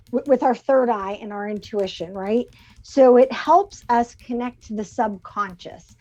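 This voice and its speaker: A middle-aged woman co-hosting a talk show, chatting easily and laughing often as she gently explains things over a video call. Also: on the high side. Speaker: co-host presenting the crystal of the week. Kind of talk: casual chat. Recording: slightly muffled call audio.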